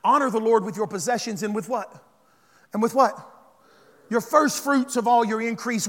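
A man preaching a sermon as pastor, calling on the congregation to respond and building up to shouts. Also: very high voice, moderate pace, pauses often, in a large hall.

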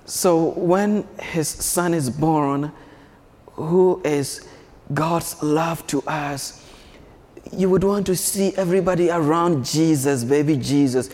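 A man, a priest, giving a homily to schoolchildren, leading them in call-and-response in a gentle, animated way. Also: on the high side, slight background noise. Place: large church. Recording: long church reverb.

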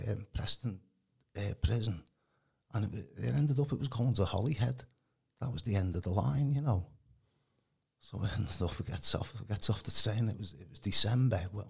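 A man's voice: on the low side, normal speed. A man, giving a rambling casual testimony as a podcast guest, full of colloquial fillers. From Birkenhead, England. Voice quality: gravelly, very husky.

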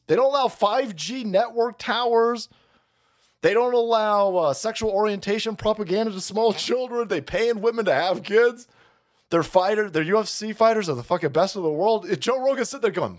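High-voiced man ranting, foul-mouthed. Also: lively intonation, normal speed. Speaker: livestream host. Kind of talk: profane political rant on a livestream.

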